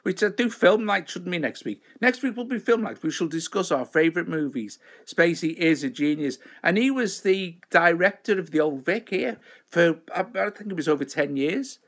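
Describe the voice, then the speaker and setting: Chatty man with a higher voice. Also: lively intonation, moderate pace, fairly bright tone. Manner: rambling, chatty, self-mocking. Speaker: host of a live show. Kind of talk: casual live-stream chat.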